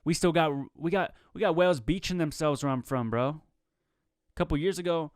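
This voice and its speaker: A man's voice: fairly high pitch, fairly quick, no echo, clean studio sound. A young man hosting a solo comedy podcast, rambling through joking tangents in a laid-back, slangy way. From Pacific Northwest, USA.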